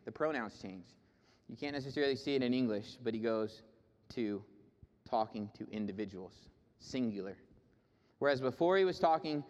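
A man preaching a sermon, moving between raised, emphatic declarations and quieter, conversational asides. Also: medium pitch. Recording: reverberant hall.

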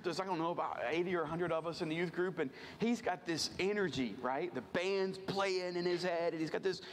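A missions speaker from rural Virginia tells a church crowd a self-deprecating story, repeatedly drawing them in with questions. His voice sits a touch high with a gravelly fry, and there's slight background noise.

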